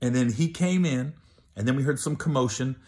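A man's voice: mid-range voice, a little fast, warm tone. A middle-aged man telling a comic story, loose and chatty, laughing between bits. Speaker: comedian.

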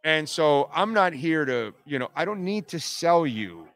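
A man's voice: a little high, sing-song, measured pace, fairly bright tone. A man hosting a sports talk radio show, talking bluntly in a rambling monologue full of fillers and restarts. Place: casino venue, live broadcast.

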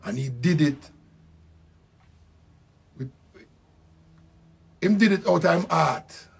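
Older Jamaican man, raspy gravelly voice, unhurried heartfelt tribute, repeats himself. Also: on the high side, animated. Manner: slow, reflective, with repeated phrases. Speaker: musician. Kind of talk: spoken tribute.

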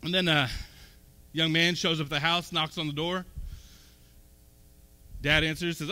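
A man's voice: sits high, steady tone, moderate pace, pauses often, sharp tone. A man preaching a sermon as pastor, talking conversationally and then building up to emphatic peaks. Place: church sanctuary. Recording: long hall reverb.

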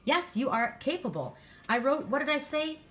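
A woman's voice: sits high, big pitch swings, moderate pace, a bit bright, faint music behind. A woman doing a spiritual card reading for viewers, talking in a rambling, encouraging way with frequent restarts. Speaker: tarot and oracle card reader.

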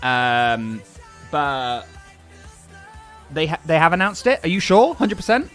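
A young man streaming a game in a high, bouncy voice that swings up and down a lot. He chats excitably with viewers and thanks donors as he plays, with faint music behind him. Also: slow. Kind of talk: casual live-stream chat while gaming.

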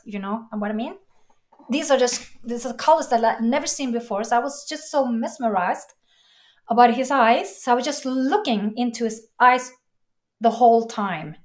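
Her voice sits fairly high as she, a guest in an interview, tells a story from her own life. She is earnest and moved, stopping and restarting along the way.

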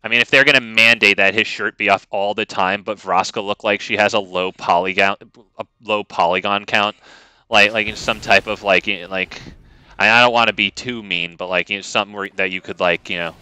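A man streaming a card game who talks in loose, rambling commentary and swears freely as he goes. His voice is bright and clean, and his pitch rises and falls a lot. The close mic gives a dry, intimate sound. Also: clean tone, dry recording. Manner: rambling and profane, frequent restarts. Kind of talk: casual gameplay commentary.

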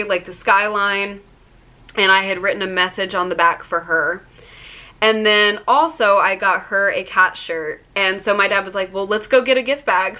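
A young woman tells a personal story to her camera in a bright, clear voice. She talks in a chatty way, full of "like" fillers, and her voice catches with feeling. Her pitch sits in the middle of the usual range for a woman. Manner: chatty, many "like" fillers, gets choked up. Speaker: vlogger.

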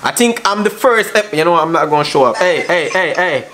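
A man's voice: on the high side, animated, fairly quick, bright, forceful tone. A man, a vlogger teasing strangers on a video chat app with brash, slangy banter. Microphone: phone on a video call app. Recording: noisy phone recording.

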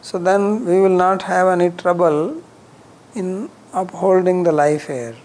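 Man teaching scripture in a measured voice. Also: sits high, a little hiss or hum, poor audio. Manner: recites verses in Sanskrit, then explains them in simple, measured English; drops softer at phrase ends, with frequent restarts. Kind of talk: verse-by-verse scripture commentary.

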